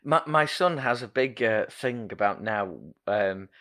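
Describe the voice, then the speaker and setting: A man's voice: medium pitch, animated, measured pace, fairly bright tone. A man in a casual film discussion who makes wry, joking asides. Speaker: podcast co-host.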